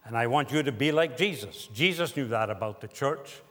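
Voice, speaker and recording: A man preaching a sermon as pastor, slow and deliberate with emphatic pauses. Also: mid-range voice, animated, a bit bright. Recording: long hall reverb.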